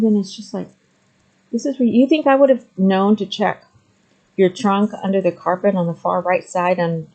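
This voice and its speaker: A woman's voice: mid-range voice, mellow, highs cut off. A middle-aged woman talking candidly to the camera, with frequent ums, moving between hesitant and emphatic speech. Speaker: vlogger sharing personal story. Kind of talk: candid personal talk to camera.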